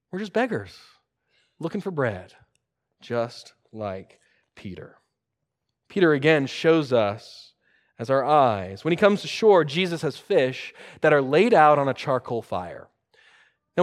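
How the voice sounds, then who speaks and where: Male preacher, lively delivery, slightly high voice, builds loud then goes hushed. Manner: animated, swinging from loud emphasis to hushed, soft lines. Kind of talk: sermon.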